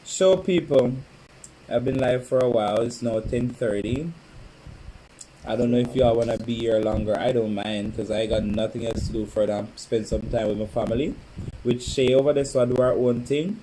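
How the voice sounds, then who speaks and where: A man's voice: mid-range voice, normal speed, warm tone, slight background noise, poor audio. Chatty man hosting a live stream. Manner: chatty, teasing, calls out to viewers by name. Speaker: livestream host. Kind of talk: casual live-stream chat. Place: home, indoors.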